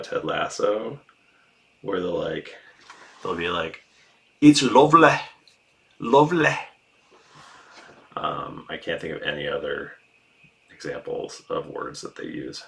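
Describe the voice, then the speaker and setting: A man's voice: low voice, creaky, pushed and bright. A man from the US Northeast, a craft streamer, chatting casually with his viewers in a rambling, self-deprecating way and swearing freely. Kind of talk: casual livestream chat.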